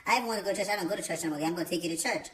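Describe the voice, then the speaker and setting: A man acts out a furious atheist man who swears at the top of his voice in the middle of a church service. The voice is pushed up high and loud underneath. The echo of a roomy space hangs around it. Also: very fast, a little hiss or hum. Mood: eager.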